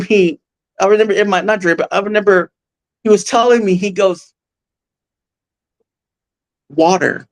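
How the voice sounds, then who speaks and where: Male guest, heartfelt and halting storyteller with plenty of restarts, speaking close into a podcast mic. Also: high voice. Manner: halting, full of restarts and fillers; earnest and emotional. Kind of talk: casual personal storytelling.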